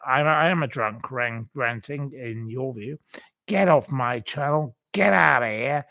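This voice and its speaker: A man's voice: on the high side, vocal fry. A man hosting a livestream, reading out viewer comments and ranting bluntly with repeated insults. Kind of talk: casual live-chat rant.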